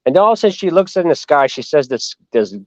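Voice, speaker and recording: A man's voice: high-pitched, animated, very fast, dry recording. A man from Canada tells a long story as an interview guest. He rambles and restarts his sentences often. His voice comes through a slightly muffled video call in a dry, close space. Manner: rambling, with many restarts and asides. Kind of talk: casual storytelling.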